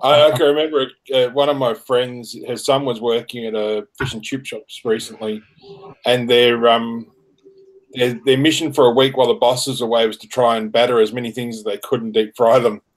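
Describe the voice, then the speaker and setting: A man's voice: medium pitch, fairly even intonation, moderate pace, rough recording. A man telling stories and chuckling in a casual stream chat as a guest. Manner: friendly, chuckling storyteller.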